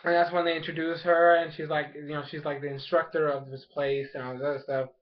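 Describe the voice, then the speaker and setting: A young man casually reviewing an anime episode, rambling and animated, acting out the characters' lines as he goes. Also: a little high, fast talker. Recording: dull lo-fi sound.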